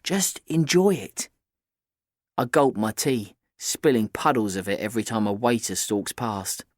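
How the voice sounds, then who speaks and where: A man reading a children's novel aloud in the first person, in an even storytelling manner. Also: on the low side, normal speed, no room sound, studio quality. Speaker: audiobook narrator. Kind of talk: scripted first-person narration.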